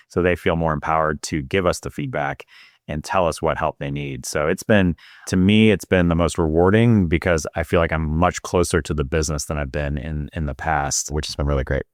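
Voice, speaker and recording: A man's voice: extremely low pitch, dry recording, studio quality. A man speaking as a marketing executive guest in an interview, explaining at length in an earnest, casual way with many "you know"s. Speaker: guest, restaurant chain marketing chief.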